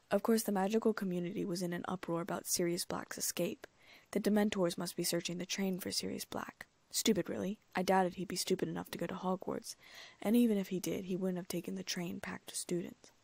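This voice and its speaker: A woman narrating a first-person story as an audiobook reader, in an even storytelling manner with hushed asides. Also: medium pitch, a little fast, creaky, no echo. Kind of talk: first-person fan fiction reading.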